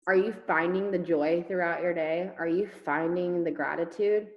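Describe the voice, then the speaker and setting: A woman's voice: lowish voice, fairly even intonation, moderate pace, echoey room, lo-fi sound. A woman leading a network marketing team, giving an emphatic motivational talk over a video call, firing rhetorical questions and repeating words for effect. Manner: emphatic, rhetorical questions, repetition, casual swearing.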